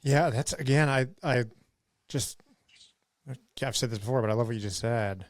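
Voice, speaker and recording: A man hosting a podcast interview who also runs a gym, chiming in with eager agreement and quick affirmations. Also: medium pitch, no room sound. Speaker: podcast host, gym owner.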